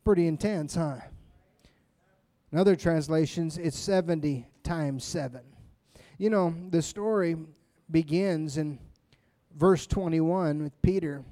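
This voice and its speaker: A man's voice: on the high side, slow, long pauses, warm tone, no echo. A man giving a sermon as a pastor, speaking in an emphatic, conversational way and often repeating phrases.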